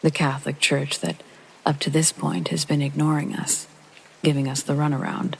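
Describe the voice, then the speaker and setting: A man hosting and narrating a true horror story in a hushed, half-whispered way, with a gravelly, husky and breathy voice. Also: a little high, flat delivery, moderate pace, low-quality recording. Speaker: host and narrator.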